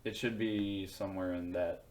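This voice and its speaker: A man's voice: deep voice, fairly even intonation, moderate pace, a little mellow. A young man co-hosting a podcast in casual chat, loose, joking and full of swearing. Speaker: podcast co-host.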